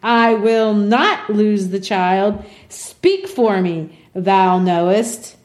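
A woman's voice: medium pitch, extremely slow. A woman voicing a defiant young mother in a Puritan court, pleading in impassioned archaic speech.

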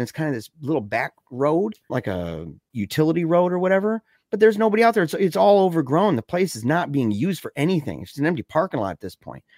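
A young man telling a scary story in a casual way, excited and slangy, saying dude and man a lot. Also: on the high side, no room sound, clean studio sound.

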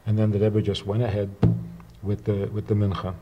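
A man telling a personal story, acting out the dialogue with halting restarts. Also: lowish voice, dull audio, over music. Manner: animated retelling with quoted dialogue. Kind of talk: spoken anecdote.

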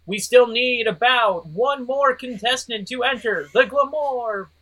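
A man doing a booming showy announcer. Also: a little slow, sharp tone, exaggerated voice, rough recording. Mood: announcing. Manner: grand announcing delivery.

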